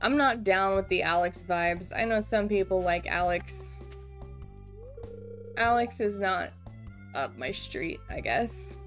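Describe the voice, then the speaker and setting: A woman's voice: medium pitch, measured pace. Chatty young woman streaming a farm game, self-mocking, faint music under. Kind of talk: casual gameplay commentary.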